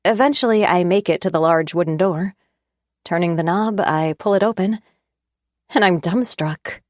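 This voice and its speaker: Low-voiced woman narrating a romance. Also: moderate pace, no echo, clean studio sound. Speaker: audiobook narrator. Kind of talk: first-person romance audiobook narration.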